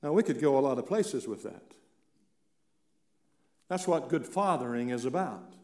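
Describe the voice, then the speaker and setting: A male pastor from central Appalachia preaching a sermon, swinging from loud declarations down to hushed, almost whispered lines. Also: medium pitch, expressive, normal speed. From central Appalachia, Virginia and eastern Kentucky. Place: church sanctuary. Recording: echoey church room.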